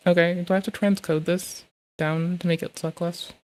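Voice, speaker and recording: Casual woman streamer, low mellow voice. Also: level tone, moderate pace. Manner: chatty, swears, talks to herself while fiddling with software. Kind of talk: casual live-stream chat, reading messages aloud.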